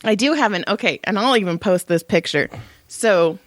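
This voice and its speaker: Female podcast co-host, middle-aged, animated profane storyteller, medium pitch, dry recording. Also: moderate pace, no room sound. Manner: animated, profane storyteller who acts out voices. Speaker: podcast co-host, massage therapist. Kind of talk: casual chat.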